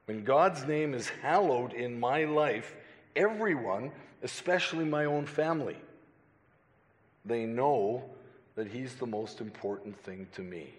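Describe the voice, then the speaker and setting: A man's voice: medium pitch, expressive. Man preaching in a reverberant church. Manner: deliberate, emphatic preaching with rhetorical questions. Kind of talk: sermon. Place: church sanctuary.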